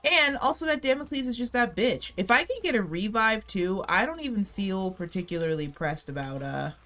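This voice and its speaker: A young woman giving loose, running commentary while she plays. Her voice sits fairly low, and she drifts off on profane, self-mocking tangents. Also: fairly bright tone. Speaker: gaming channel host. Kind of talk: casual gameplay commentary.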